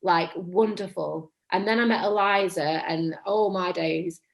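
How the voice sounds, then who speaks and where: This English guest actor in her thirties speaks with a Mancunian accent, a fairly low pitch, a measured pace and some vocal fry. Chatting casually in an interview, she wanders off track, corrects herself, and mentions that her voice is often monotonous.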